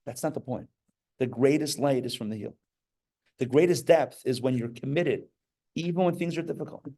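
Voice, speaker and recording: Rabbi guy giving a sermon, gravelly voice, animated, does little voices for people he quotes. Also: medium pitch, normal speed. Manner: animated, acts out quoted voices, jokey asides. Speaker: rabbi teaching a class. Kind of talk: lively sermon. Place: live class before an audience.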